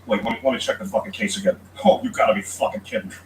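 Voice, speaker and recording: A man's voice: fairly low pitch, sing-song, very fast. Crude, rambling man streaming a game. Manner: profane, rambling, joking. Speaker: livestreamer playing a video game. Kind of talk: crude casual stream chat. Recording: echoey room, mic far off, faint noise.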